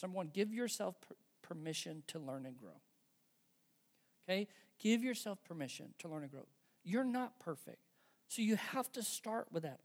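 A man's voice: high-pitched, creaky. A middle-aged man giving an earnest, exhorting sermon to parents, talking straight to his listeners. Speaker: pastor.

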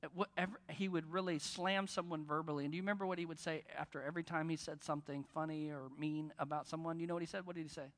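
A man's voice: a little high, steady tone, fast talker, few pauses, fairly bright tone. A man preaching a sermon, talking conversationally, joking, and stressing key words. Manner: conversational, joking, with bursts of emphasis. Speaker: pastor. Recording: long reverb of a large hall.

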